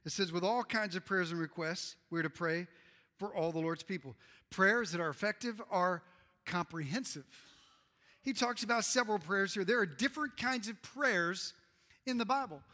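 Middle-aged pastor guy preaching, high and ringing, big echoey church hall. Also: moderate pace. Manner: preaching with dynamic swings from loud emphasis to hushed tones. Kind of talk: sermon. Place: church sanctuary. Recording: reverberant hall.

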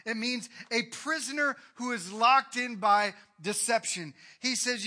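A man preaching a sermon, retelling a Bible story with swings from hushed to loud. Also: very high voice, measured pace, few pauses. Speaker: pastor.

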